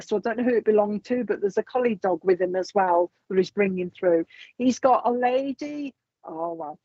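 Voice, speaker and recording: Speaking with a British accent, a woman with a medium-pitched, darkish voice gives live online psychic readings as a medium. She chats while passing on messages and reading out viewer comments. The recording is muffled, with no room sound.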